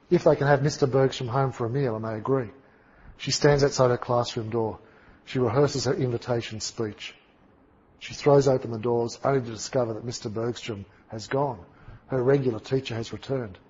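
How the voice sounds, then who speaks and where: A man preaching a sermon, telling stories emphatically and dramatically, swinging from loud to hushed. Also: mid-range voice, breathy edge, lo-fi sound. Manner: dramatic, emphatic storytelling with big swings in volume.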